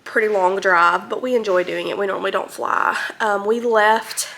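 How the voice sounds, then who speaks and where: Woman vlogger, bright tone, rambling and friendly filler-heavy delivery. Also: medium pitch, steady tone, moderate pace, vocal fry, slight background noise. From North Alabama, US. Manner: chatty, many ums and likes. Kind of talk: casual rambling recap.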